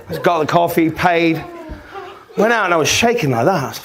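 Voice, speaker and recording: Male speaker addressing a live audience; animated storyteller who acts out the people in his stories and swears freely. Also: fairly high pitch, fairly quick, heavy background noise.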